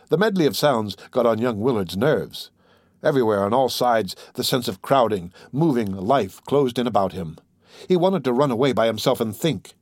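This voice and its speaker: A man's voice: medium pitch, darkish tone, no room sound, studio quality. Man narrating a classic novel. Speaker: audiobook narrator. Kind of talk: literary audiobook narration.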